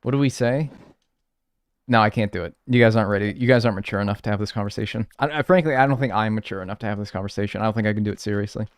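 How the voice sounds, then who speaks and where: A man's voice: fairly low pitch, racing, clear, resonant tone, dry recording, studio quality. A man chatting casually with his live-stream audience, playful and mock-outraged, swearing as he jokes.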